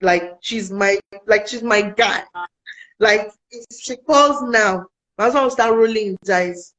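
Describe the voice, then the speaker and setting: Through poor audio, a young woman from Africa, a guest in a casual interview, shares a personal story with earnest animation, voicing the dialogue of people in it. She speaks in a mid-range voice at a measured pace.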